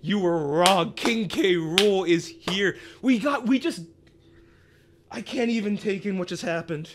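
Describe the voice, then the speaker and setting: A young man reacting live to a video announcement, excitable and prone to shouting in disbelief. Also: high-pitched, a little slow, slight background noise. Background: music from the video.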